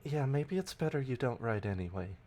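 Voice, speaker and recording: A man's voice: mid-range voice, animated, brisk, darkish tone, natural voice. A man voicing a practical female spellcaster in his own voice, with a dry, teasing manner. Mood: wry.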